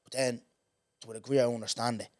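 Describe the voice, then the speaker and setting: An Irish man hosting a podcast in casual chat, animated and tagging his points with "do you get me". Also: medium pitch. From Ireland. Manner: animated, talks in quick runs with "do you get me" tags. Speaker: podcast host.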